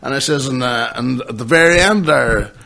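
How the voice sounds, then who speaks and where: A man's voice: medium pitch, normal speed, gravelly, sharp tone. A man, hosting a podcast and telling rambling, swearing stories between bursts of laughter. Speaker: podcast host. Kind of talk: casual chat.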